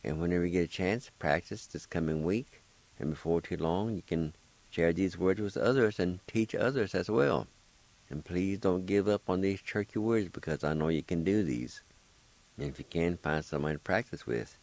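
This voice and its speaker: This radio host teaches a language lesson in a low-pitched, darkish voice at an ordinary pace. He patiently spells out words letter by letter, repeats each one, and cheers his listeners on, though the audio quality is poor.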